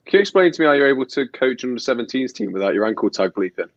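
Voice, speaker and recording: A man on a casual football chat, deadpan and teasing. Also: mid-range voice, very fast, highs cut off. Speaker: podcast panelist.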